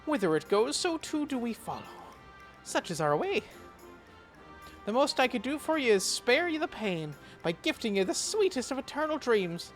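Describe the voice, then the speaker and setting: A man's voice: extremely high pitch, sing-song, normal speed. A man voicing a grandiose, teasing fairy with sweeping, theatrical delivery over faint game music. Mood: grandly teasing. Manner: sweeping, dramatic, sing-song delivery.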